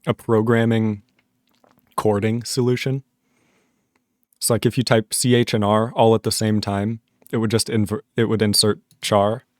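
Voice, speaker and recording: A man's voice: on the low side, a little mellow, no echo, clean studio sound. A man on a casual live stream, reading chat messages aloud, laughing often and puzzled by the jokes.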